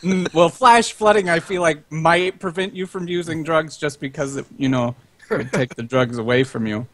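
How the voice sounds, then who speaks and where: A man's voice: on the high side, no echo. A man chatting casually during a card game among friends, rowdy and swearing. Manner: rowdy, swearing, quick to laugh.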